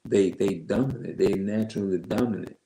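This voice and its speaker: A man with a heavy, loud voice reads Bible verses slowly and emphatically, stopping to explain them in his own words as an online religious teacher. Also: lowish voice, echoey room, slight background noise, poor audio. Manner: slow, emphatic, repeats himself. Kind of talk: Bible reading with loose commentary.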